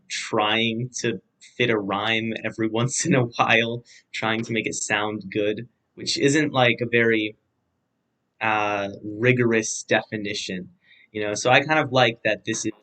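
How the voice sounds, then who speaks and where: A man's voice: mid-range voice, bright, forceful tone, low-quality recording. A young man co-hosting a casual stream, musing hesitantly with frequent fillers. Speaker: co-host. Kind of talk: casual chat.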